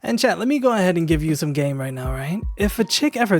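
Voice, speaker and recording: A woman with a notably low voice rants casually to her stream chat, swearing freely and checking in with "right?" after her points. She sounds blunt, exasperated and conversational. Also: very animated, fast, darkish tone, faint music behind. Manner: profane ranting, keeps asking "right?". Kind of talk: casual live-stream commentary.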